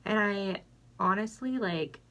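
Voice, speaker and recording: A woman's voice: mid-range voice, slow, fairly bright tone. A young woman telling a frank, casual storytime vlog, talking bluntly and filling her sentences with "like". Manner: chatty, filler-heavy with constant "like". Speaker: vlogger. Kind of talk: casual get-ready-with-me storytime.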